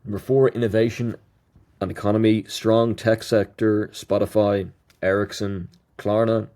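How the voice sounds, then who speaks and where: A man's voice: on the low side, level tone, measured pace, warm tone. A man hosting a solo podcast, reading through a list of notes and stumbling over foreign words with small asides. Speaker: podcast host.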